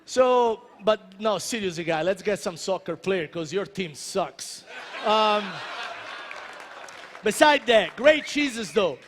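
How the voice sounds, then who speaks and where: Animated Italian-accented man in a hall. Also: high-pitched, slow pace, slight background noise. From Italy. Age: 30s. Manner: joking, animated, addresses crowd directly. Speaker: celebrity chef speaker. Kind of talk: motivational talk to an audience. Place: large convention hall. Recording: reverberant hall.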